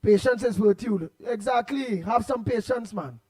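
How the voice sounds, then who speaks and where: Trinidadian male radio host, very high pitch, animated and rambling. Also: moderate pace. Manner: animated, repetitive, laughs often, loud outbursts. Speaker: radio talk show host. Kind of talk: casual radio chat reading listener comments.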